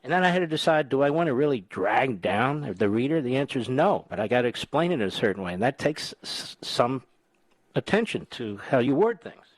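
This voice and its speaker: Recorded dry in the studio, this talk radio host in his sixties has a mid-range voice and a fairly quick pace. He chats casually, telling lively stories and cracking wise with dry humor.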